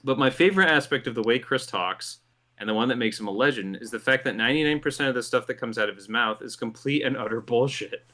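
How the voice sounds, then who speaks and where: A man's voice: medium pitch, quick pace, sharp tone. A man hosting a commentary show, reading a script in an amused tone and laughing through his lines. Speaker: host.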